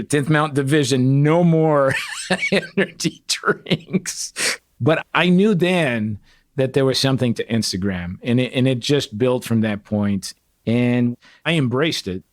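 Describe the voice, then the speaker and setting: A middle-aged man telling stories as an interview guest, lively and acting out the voices of the people in them. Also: medium pitch, dry recording, clean studio sound. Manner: animated, acts out quoted dialogue. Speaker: guest, retired senior enlisted leader. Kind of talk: casual interview storytelling.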